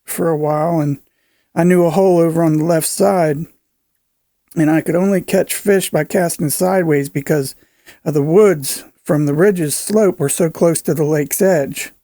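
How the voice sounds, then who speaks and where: Gravelly high-voiced man narrating. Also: warm tone, dry recording, studio quality. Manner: earnest, halting with fillers and restarts. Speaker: narrator reading a viewer's email. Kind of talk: storytelling narration of an encounter account.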